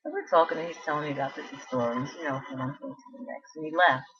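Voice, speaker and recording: A vlogger with a low, fairly bright voice talks fast in a casual, rambling way. Her story meanders through asides and restarts, and the recording is dull lo-fi.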